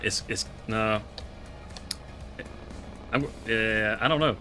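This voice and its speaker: A man streams a farming game, chatting casually in a laid-back, drawling country way, laughing often. His voice sits on the low side with a sharp tone, and he talks extremely slowly over soft background music.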